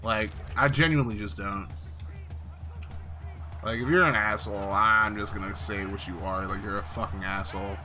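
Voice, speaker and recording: Blunt, bright-voiced young man streaming. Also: fairly low pitch, steady tone, normal speed, soft background music. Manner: blunt, profane, rambling with lots of fillers. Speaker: streamer playing a football video game. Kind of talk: casual live-stream chat and game reactions.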